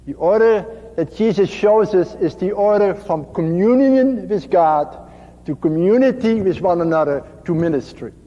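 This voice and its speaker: A man with a high, mellow voice delivers a sermon at a slow, unhurried pace. He speaks gently and sinks to a near hush on tender words. The recording is dull and lo-fi, with a long hall reverb around him. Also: expressive. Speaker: preacher.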